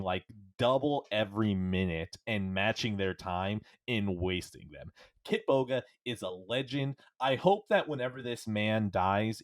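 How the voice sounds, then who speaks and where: A man's voice: fairly low pitch, dry recording, clean studio sound. A man co-hosting a podcast, ranting and joking emphatically. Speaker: podcast co-host. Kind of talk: casual chat.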